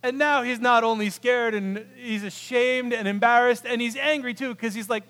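A man preaching a sermon, telling a story with animated quoted voices, swinging from loud bursts to hushed, quiet moments. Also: very high-pitched, normal speed, few pauses. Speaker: pastor. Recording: long hall reverb.

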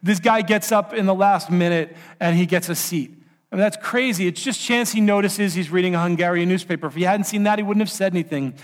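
A man preaching, telling a long story in an animated way and acting out the characters' lines. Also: sits high, brisk. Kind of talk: sermon storytelling.

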